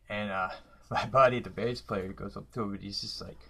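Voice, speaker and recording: A man's voice: fairly low pitch, fairly even intonation, normal speed, creaky, pushed and bright, low-quality recording. Rambling Midwestern man telling stories. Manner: rambling, laughs mid-sentence, lots of fillers. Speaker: vlogger. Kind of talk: casual storytelling.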